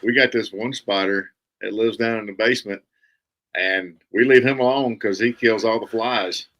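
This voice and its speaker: A man's voice: fairly low pitch, fairly even intonation, moderate pace, fairly bright tone, poor audio. A man co-hosting a podcast, easygoing and fond of folksy sayings. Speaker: podcast co-host. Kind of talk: casual chat.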